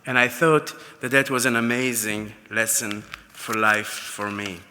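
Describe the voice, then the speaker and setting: A man from Israel, accepting an award at a dinner, tells anecdotes full of fillers and restarts. His mid-range voice has a sharp tone, fairly even intonation and a measured pace, with slight background noise. The reverberant banquet hall carries his speech through a PA.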